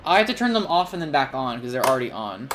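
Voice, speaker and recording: A woman's voice: rumbling low, sing-song, fast talker, background noise. A young woman streamer commentating live on a game, flustered and joking, with lots of exclamations.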